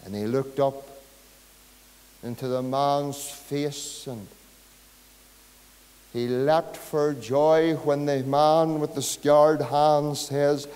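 A male pastor with a Northern Irish accent preaches slowly and deliberately, his voice pitched a little high. The sermon moves from storytelling to fervent pleading. A long reverb hangs in the church behind him. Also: fairly even intonation, a little mellow, smooth.

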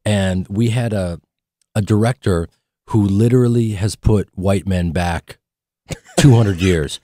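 Male guest actor, studio radio chat, slightly low voice, dry booth sound, animated storyteller. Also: slow pace, dry recording. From Chicago. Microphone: studio microphone.

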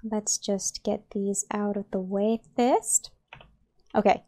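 A young woman commenting on her own game play, excitable and gasping, rambling as she plays. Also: medium pitch, slow pace. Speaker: gaming YouTuber.

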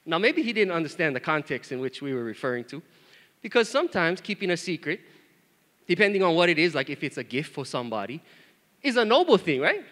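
Animated high-voiced male pastor preaching. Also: fairly quick. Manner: animated and joking, with call-and-response to the congregation. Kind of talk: sermon. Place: church. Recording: reverberant church hall.

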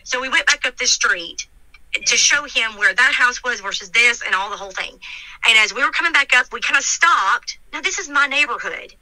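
Middle-aged woman, animated storyteller acting out quotes, bright, dry sound. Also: on the high side, normal speed, no echo, low-quality recording. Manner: animated retelling, acts out quoted dialogue. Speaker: interviewee, neighbor telling her account. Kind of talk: emotional storytelling in an interview.

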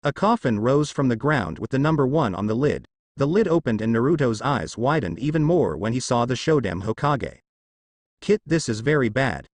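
A man reading fan fiction aloud as a narrator, voicing every character in the same plain, steady way. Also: mid-range voice, brisk, hardly any pauses, no room sound.

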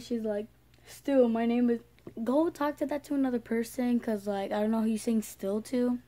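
Female vlogger, slightly high voice; casual, rambling, indignant rant to camera. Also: normal speed, mellow. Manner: indignant, rambling, talks straight to viewers.

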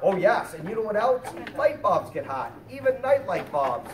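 Animated man telling kids a story. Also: sits high, normal speed. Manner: animated, sing-song, talks down warmly to little kids. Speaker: children's fire safety performer. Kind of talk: storytelling to preschoolers. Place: preschool classroom. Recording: roomy, distant, with children and noise. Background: young children chattering and answering.

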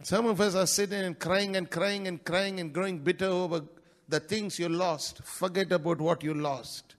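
Preaching a sermon in a church, this male pastor from India speaks in a high, steady tone, breaking into sudden loud rises and then dropping into quick, quieter asides.

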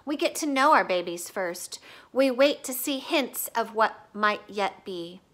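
A woman reading a children's novel aloud, stopping in a gentle, teacherly way to explain words and story craft. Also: mid-range voice, expressive, a little slow. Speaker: read-aloud host.

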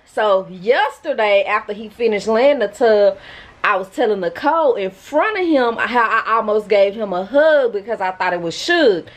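A woman's voice: mid-range voice, expressive, normal speed. A woman, chatting bluntly and casually to her viewers in a vlog, with laughing asides. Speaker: vlogger.

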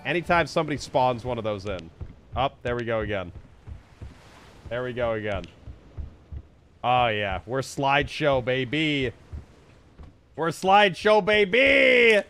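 A man streaming a game, commenting live and swearing, swinging from low mutters to loud shouts. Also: animated, moderate pace, long pauses.

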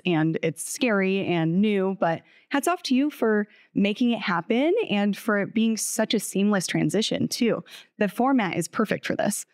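A woman's voice: mid-range voice, expressive, normal speed, dry recording. A woman interviewer asks questions in an appreciative, conversational way. Her voice is recorded dry in a studio.

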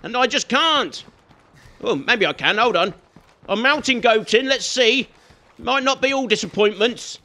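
High, bright-voiced gamer. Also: male voice, animated, unhurried. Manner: chatty, teasing, scolds the game and characters. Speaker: gaming YouTuber. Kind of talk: let's play commentary.

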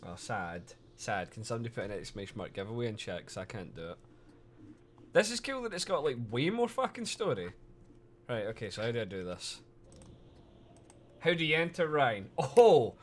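A man chatting casually on a live stream, excitable and swearing freely, laughing often as he talks to his chat. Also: medium pitch, moderate pace, pauses often, slight background noise.

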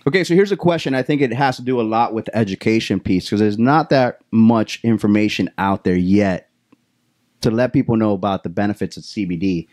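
A man co-hosting a podcast, relaxed and jokey, reading out listener questions. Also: lowish voice, brisk. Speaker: podcast co-host.

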